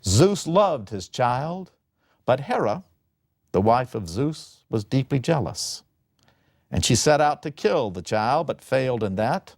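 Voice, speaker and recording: A man giving a lecture on a classic Greek play, telling the story in an animated, dramatic way. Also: medium pitch, slow, vocal fry, dry recording, clean studio sound.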